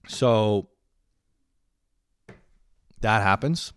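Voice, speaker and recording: A man's voice: on the low side, extremely slow, clear, resonant tone, dry recording. A young man in a profane comedic rant, swearing constantly and sounding exasperated as he complains. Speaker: comedic vlogger.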